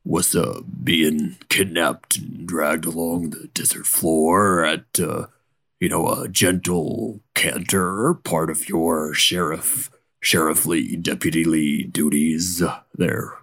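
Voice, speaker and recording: A man voicing a gravelly male hunter in a tabletop game, using a put-on Southern drawl and a slow, dry, teasing manner. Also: a bass voice, steady tone, fairly bright tone, heavily acted. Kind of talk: tabletop role-play.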